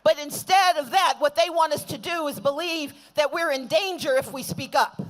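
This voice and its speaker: High-pitched woman orator at an outdoor rally; rousing, chant-leading delivery. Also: normal speed. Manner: rousing, call-and-response chanting. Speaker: rally speaker. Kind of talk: rally speech.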